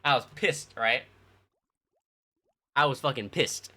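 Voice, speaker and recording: This young adult man speaks slowly at a medium pitch, his tone sharp. Chatting with his stream audience, he meanders through memories of his childhood, full of profanity and filler words.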